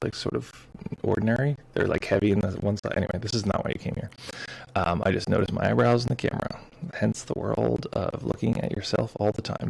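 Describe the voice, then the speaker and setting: Joking casually, a man leads a meditation livestream and reads out viewer comments, using a streaming mic and headphones. He's a meditation teacher whose voice sits on the low side, husky with vocal fry. The recording is rough.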